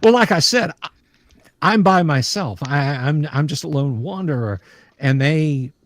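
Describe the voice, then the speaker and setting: A man voicing a friendly lone male trader who wanders alone, folksy and quick to repeat himself. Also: a little high, lively intonation, no room sound. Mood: eager.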